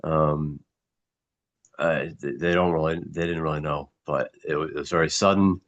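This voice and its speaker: A middle-aged man in a casual group chat, grieving and somber, talking haltingly with many restarts. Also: very deep voice, fairly even intonation, lo-fi sound. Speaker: mastermind group member.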